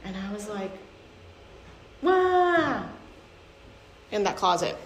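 A woman's voice: medium pitch, fairly even intonation, unhurried. A young adult woman giving a candid, conversational personal testimony, often using fillers as she talks. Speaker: speaker sharing a testimony. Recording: echoey room with faint ambient noise.

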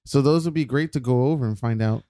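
A man's voice: mid-range voice, fast, dark tone, no echo, studio quality. A man who produces and co-hosts a podcast, chatting in an upbeat, playful way. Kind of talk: casual podcast chat.

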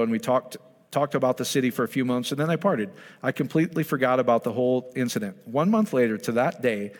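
Preacher man in a reverberant hall. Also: medium pitch. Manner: lively storytelling, acts out voices of people. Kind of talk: sermon.

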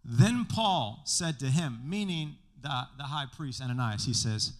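A man's voice: medium pitch, lively intonation, measured pace. A man preaching a sermon as pastor to a congregation in a church room, in a casual, joking way with slang.

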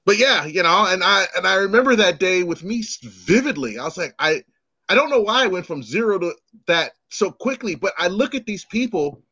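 A man's voice: high voice, fairly quick, breathy edge, no room sound, lo-fi sound. A middle-aged man hosting a podcast, telling stories in a casual chat, acting out the voices of the people in them and swearing freely. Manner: animated, acts out quoted voices, swears freely. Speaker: podcast host.

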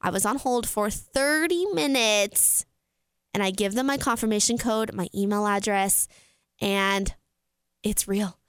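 A young woman telling a story casually, animated and laughing often, with a lot of "like" in her talk. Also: medium pitch, measured pace, clear, resonant tone, dry recording. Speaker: podcast host.

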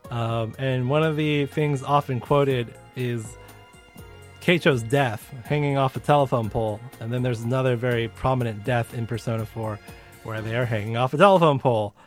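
A man's voice: medium pitch, normal speed. A young man co-hosting a podcast, talking casually with many fillers and restarts. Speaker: podcast co-host. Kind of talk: casual chat. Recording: faint music underneath.

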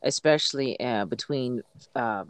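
Blunt, animated truck-driver storyteller. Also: mid-range voice, measured pace, no echo. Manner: animated storyteller, blunt, swears freely, repeats words when worked up. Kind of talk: casual podcast storytelling.

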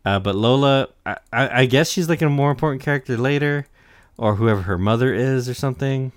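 A man's voice: medium pitch, brisk. A young man co-hosting a podcast, casually retelling an anime arc with lots of fillers, swearing and quoted lines. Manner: rambling, profane, filler-heavy retelling with quoted voices. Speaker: podcast co-host recapping anime. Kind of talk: casual chat.

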